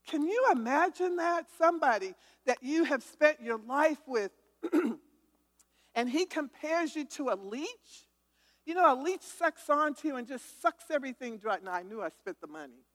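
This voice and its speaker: A woman with a high, expressive voice speaks unhurriedly as she delivers an emphatic testimony sermon. She calls for responses from her listeners and often restarts words, and the hall adds reverb.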